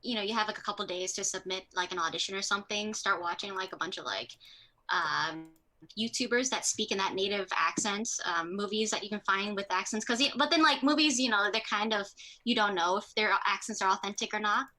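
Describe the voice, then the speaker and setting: A woman with a bright, sharp voice talks casually at an online workshop, wandering through her points with plenty of fillers. She sounds chatty and easygoing. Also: mid-range voice, a little fast. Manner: rambling, chatty, many fillers. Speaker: voice actress host.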